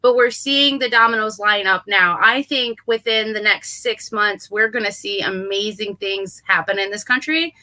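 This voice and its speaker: A woman's voice: mid-range voice, moderate pace, few pauses, pushed and bright. A woman co-hosting a casual political talk show, speaking earnestly and hopefully, often adding "right?". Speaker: co-host.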